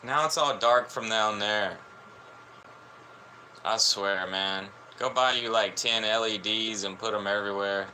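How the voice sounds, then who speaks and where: A man's voice: fairly low pitch, steady tone, measured pace, bright, forceful tone, a little hiss or hum, low-quality recording. A man rambling through crude, joking late-night commentary as a streamer.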